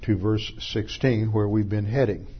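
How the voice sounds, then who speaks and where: A man's voice: fairly low pitch, fairly even intonation, normal speed, breathy edge. A man preaching an expository sermon, explaining Greek terms step by step and mixing in everyday illustrations, on a dull lo-fi recording. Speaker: Bible teacher.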